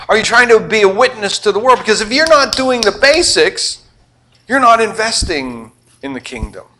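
An older man delivers a sermon with a bright, forceful voice pitched a little high. He peppers the congregation with questions, then drops to near-whispered asides before building back up. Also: a little hiss or hum. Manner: animated, questioning the congregation, swings from loud to quiet. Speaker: pastor.

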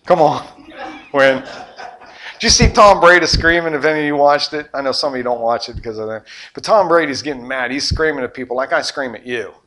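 A middle-aged man preaching a sermon, telling family stories with swings from loud outbursts to hushed asides. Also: medium pitch, fairly quick. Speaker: pastor.

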